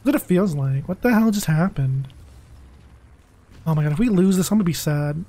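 Excitable young male game streamer. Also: a little high, fairly quick. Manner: excitable, pleading, melodramatic. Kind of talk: casual live-stream commentary.

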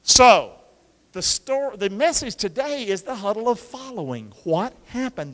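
Animated high-voiced preaching man. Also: moderate pace. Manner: energetic, coaxes the congregation to repeat lines; uses football pep-talk imagery. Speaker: pastor. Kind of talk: animated call-and-response sermon. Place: church sanctuary with a congregation. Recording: long reverb of a large church hall.

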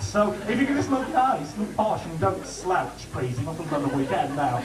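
A man doing joking warm-up patter for a TV studio audience. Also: sits high, fairly quick, hardly any pauses, far from the mic, a loud crowd. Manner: chatty, joking, lively. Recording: roomy studio heard from afar with audience.

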